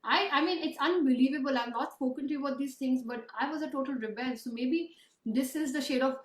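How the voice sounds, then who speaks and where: A woman in her thirties hosting a casual interview, talking expressively and emphatically, quick to agree and share her own stories. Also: high-pitched, roomy sound, distant mic, low-quality recording. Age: 30s. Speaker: host and book author.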